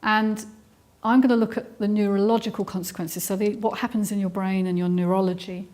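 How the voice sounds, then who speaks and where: A woman's voice: medium pitch, steady tone, fairly quick, a little mellow. Earnest English woman giving a live talk. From England. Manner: earnest and explanatory, with frequent ums and restarts. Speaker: speaker giving a talk on trauma. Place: hall with a live audience.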